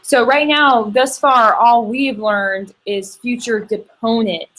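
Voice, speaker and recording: A woman's voice: a little high, fairly even intonation, takes it slowly, a bit bright, poor audio. A woman student in a Greek tutoring session, eager and checking her answers.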